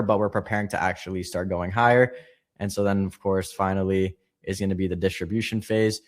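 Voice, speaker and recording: Fast-talking casual male trading instructor. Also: lowish voice. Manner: fast casual explaining with fillers. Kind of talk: live online trading lesson.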